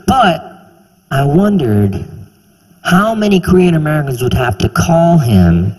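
A stand-up comedian from South Carolina, talking in an animated way and acting out other people's voices. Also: male voice, unhurried, breathy edge. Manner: animated, puts on voices of others, jumps high in pitch. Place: large theater stage. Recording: live hall reverb, faint ambience.

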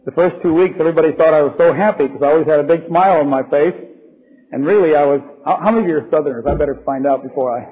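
A man from California giving a sermon to a live congregation as a guest preacher, hoarse with laryngitis, mixing folksy jokes with slow, emphatic preaching. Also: fairly high pitch. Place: church hall with live audience. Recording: tinny phone-like old recording in a reverberant hall.

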